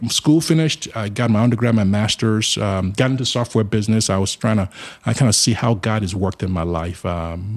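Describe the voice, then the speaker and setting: Middle-aged man from Africa, low husky voice, lively interview storyteller. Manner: lively storyteller, acts out quoted people. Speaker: guest, charity founder.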